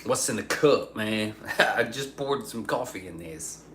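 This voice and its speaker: A man's voice: on the low side, animated, unhurried, a little hiss or hum. A young adult man rambling profanely in casual livestream chat, reading his chat aloud. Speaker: streamer.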